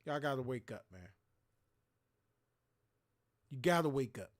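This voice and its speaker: A man's voice: medium pitch, expressive, a little slow. A man hosting a livestream, ranting in a heated, profane, preachy way. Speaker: show host. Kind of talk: impassioned livestream rant.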